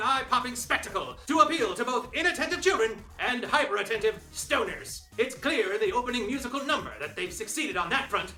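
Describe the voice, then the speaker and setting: A man's voice: very high voice, pushed and bright, reverberant, low-quality recording. A man hosting a film review show, reading a scripted review with wry, sarcastic asides.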